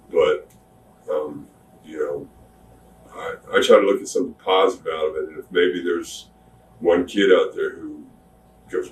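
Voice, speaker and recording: A man's voice: sits low, slight background noise. A middle-aged man, a retired pro wrestler, telling stories in a candid sit-down interview, acting out what people said. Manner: drawling, animated retelling with acted-out quotes. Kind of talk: shoot interview, candid storytelling. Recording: roomy, distant mic with faint ambience.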